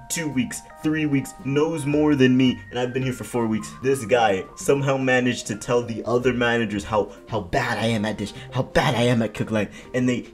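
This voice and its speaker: A young man telling a storytime rant in an exasperated, repetitive way, tripping over his words. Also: mid-range voice. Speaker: vlogger. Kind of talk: ranting storytime.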